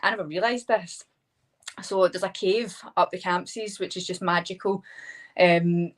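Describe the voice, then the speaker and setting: Animated Scottish woman telling a story. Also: on the low side, poor audio. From Scotland. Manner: animated, laughing, many fillers like "like". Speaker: guest, hypnotherapist. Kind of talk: casual storytelling interview.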